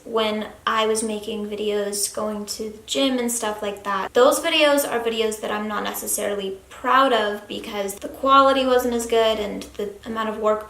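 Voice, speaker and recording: Young woman, vlogger, earnest and soft-spoken, gravelly fry, echoey room. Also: medium pitch. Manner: earnest, soft-spoken, sometimes dropping to a hushed whisper. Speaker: YouTube vlogger. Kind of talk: confessional talk to camera. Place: room in a busy family house. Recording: echoey room, faint background noise.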